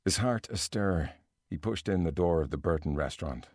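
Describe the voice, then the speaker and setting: A man reading a passage from a novel in a deliberately put-on Irish accent, slow and relishing the vivid, grimy details. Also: low-pitched, expressive, darkish tone, no room sound, clean studio sound. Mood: disgusted, vivid.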